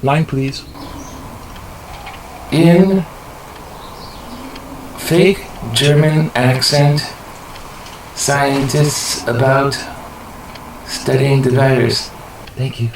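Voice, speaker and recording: A man's voice: mid-range voice, fairly even intonation, very slow, pauses often, a little hiss or hum, voice pushed up, low-quality recording. A man putting on the voice of a bossy male film-set crew member who calls out cues in clipped, commanding bursts.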